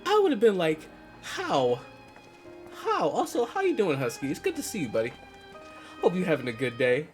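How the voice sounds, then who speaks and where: A man streaming a game live, commentating in a loud, excitable, profane way and laughing often. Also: on the high side, fast talker, faint music behind.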